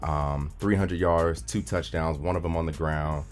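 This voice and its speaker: A man's voice: extremely low pitch, steady tone, moderate pace, soft background music. A man hosting a loose, profane sports podcast, rambling through the week's news. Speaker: podcast host. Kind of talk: casual sports chat.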